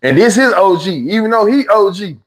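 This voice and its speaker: A Memphis man livestreaming from his phone tells a rambling, slangy story and acts out other people's voices. His high voice moves fairly quickly with lively intonation, but the audio is poor.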